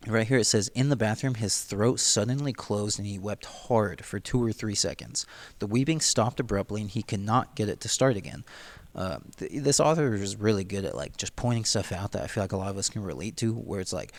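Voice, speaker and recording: Brief: male book vlogger, lowish voice, loose rambling slangy delivery. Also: fairly quick. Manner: slangy, rambling, lots of "like" and "dude". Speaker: book reader and commentator. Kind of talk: casual book read-through commentary.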